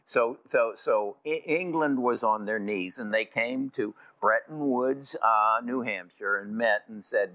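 Older man, bright and forceful. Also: mid-range voice, a little slow, few pauses, no room sound. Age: 70s. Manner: repeats words and restarts, emphatic. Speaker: investor. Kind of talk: explaining investment views.

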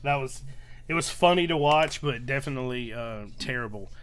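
A man in a casual podcast, calmly summarizing movie plot points. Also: mid-range voice, normal speed, crowd noise. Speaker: podcast co-host. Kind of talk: casual film recap chat.

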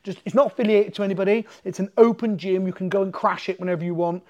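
A man from the UK, a guest telling animated, swear-filled stories in a casual chat. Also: sits high, fast, lo-fi sound. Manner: animated, swearing, acts out quotes. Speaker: podcast guest, MMA fighter.

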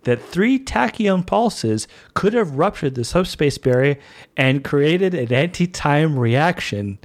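A man's voice: fairly high pitch, lively intonation, takes it slowly. A man reads a curious android officer who lays out his reasoning in formal, precise phrases. He uses his ordinary speaking voice throughout. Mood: intrigued.

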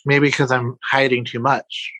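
A man playing a tabletop game, speaking softly and hesitantly in character. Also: mid-range voice, level tone. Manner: soft-spoken, hesitant, slow. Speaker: player. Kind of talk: tabletop role-play.

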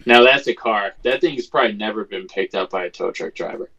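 Man, casual podcast storyteller, profane and animated, slightly dull lo-fi sound. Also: on the low side, fast talker. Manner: animated, profane, re-enacts quotes. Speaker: podcast co-host.

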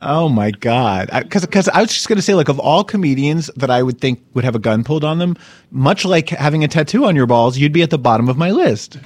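A man hosting a podcast, asking questions in an excitable, cheeky way and swearing freely. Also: a little high, a little fast, dry recording. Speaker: podcast host. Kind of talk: casual interview chat.

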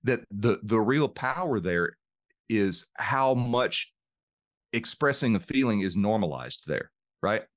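Middle-aged male guest with a very low voice, earnest and emotionally open, dry close mic. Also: lively intonation, slow, no room sound. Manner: earnest, open about emotion, repeats words while searching. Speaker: podcast guest, mind coach. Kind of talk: reflective interview storytelling.

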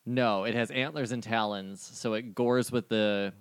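A man running a tabletop game as game master, laid-back and laughing often, slowing down to count dice rolls. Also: mid-range voice, steady tone, clear, resonant tone, no echo.

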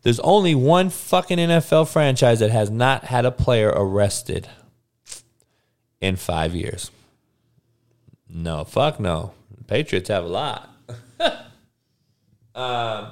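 A man's voice: medium pitch, animated, takes it slowly, long pauses. A man hosting a sports podcast, ranting bluntly and profanely while talking back to his live chat. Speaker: podcast host. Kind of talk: casual sports rant.

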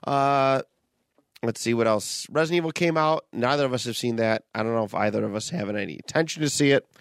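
A man's voice: mid-range voice, fairly quick, gravelly, smooth, no room sound, studio quality. A man co-hosting a podcast, chatting loosely and swearing while he rants in a laid-back way. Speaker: podcast co-host. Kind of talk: casual chat.

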